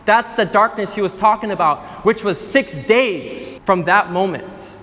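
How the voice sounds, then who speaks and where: A man's voice: high voice, unhurried, a bit bright, big-room sound. A man preaching a sermon, retelling a story with emphatic repetition. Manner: emphatic storytelling, repeats phrases for effect.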